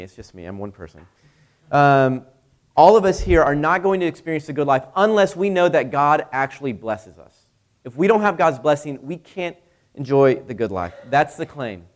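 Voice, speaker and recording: A young male pastor giving a sermon in a conversational way, with many rhetorical questions. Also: on the high side.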